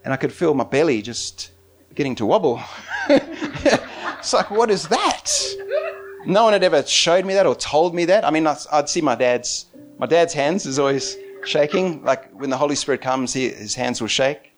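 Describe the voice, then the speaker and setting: A man's voice: a little high, moderate pace, soft background music. A male pastor preaching a sermon, telling stories with lots of laughter and acted-out quotes. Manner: animated storytelling, laughs often, acts out quotes.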